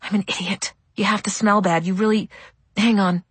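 A woman's voice: mid-range voice, steady tone, normal speed, slightly rough, no echo. A woman voicing a frantic young mother who pleads urgently, her voice shaking, in an audiobook.

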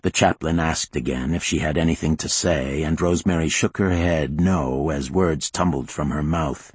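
A man reads a thriller audiobook in a measured, grave way. His voice is very deep and husky. The recording is dry and close to the mic. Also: dry recording. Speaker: audiobook narrator. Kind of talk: scripted thriller narration.

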